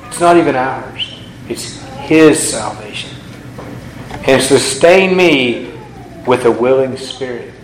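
A man preaching a sermon as pastor, reading scripture slowly and building to emphatic appeals. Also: medium pitch, animated, roomy sound, slight background noise, rough recording.

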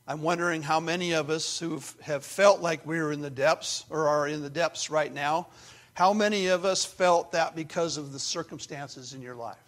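A male pastor preaches an earnest sermon with a slightly high voice. He drops to quiet, confiding asides and then builds back up to emphatic points. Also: normal speed. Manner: earnest, swings from hushed to emphatic.

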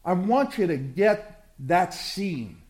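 Brief: impassioned male pastor mid-sermon, high voice, slow and deliberate, big swings in volume. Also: animated. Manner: impassioned preaching, swinging from loud surges to hushed drawn-out words.

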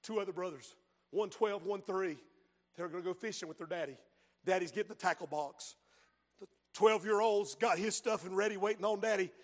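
A male preacher delivering a sermon, moving from hushed storytelling to shouted calls to the congregation. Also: high voice, brisk. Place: church sanctuary. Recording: long hall reverb.

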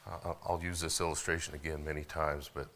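A middle-aged man preaching a sermon, stumbling over repeated words, asking for amens and building to loud, rising passages. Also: a bass voice, level tone, quick pace. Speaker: pastor.

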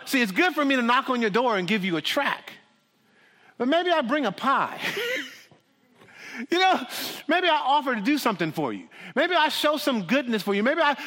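A man preaching a sermon as a pastor, dramatic, swinging from loud pleading to hushed near-whispers. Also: high voice. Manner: dramatic, shifts from shouting to hushed. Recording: long hall reverb.

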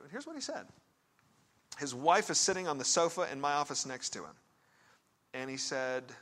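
A man preaching a sermon as a pastor and counselor, telling a story conversationally and putting direct questions to his listeners, swinging between hushed and emphatic. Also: a little high, big pitch swings, normal speed.

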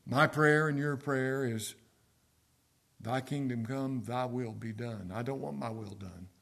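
A male pastor preaches a midweek sermon in a church, his voice mid-pitched with a gravelly edge. He dwells on words, sinks to near-whispers, then pushes phrases out with force. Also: unhurried. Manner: emphatic preaching, swinging from soft near-whispers to loud stresses. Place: church sanctuary.

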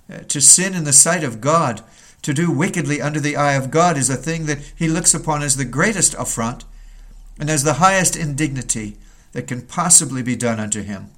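Guy reading an old puritan sermon, earnest, gets urgent on the questions, mid pitch. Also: normal speed, fairly bright tone.

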